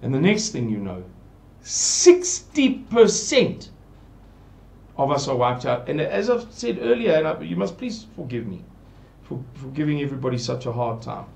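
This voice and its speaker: A man's voice: medium pitch, very animated, fairly quick, creaky, darkish tone. A man giving an earnest, pleading, rambling monologue to his viewers. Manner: pleading, repetitive, digressive. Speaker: channel presenter.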